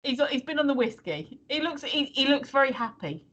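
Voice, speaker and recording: A woman's voice: high voice, very animated, fairly quick, a bit bright, dull audio. A woman in her fifties or sixties co-hosting a casual livestream, teasing and laughing as she chats. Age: 50s or 60s. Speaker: stream co-host.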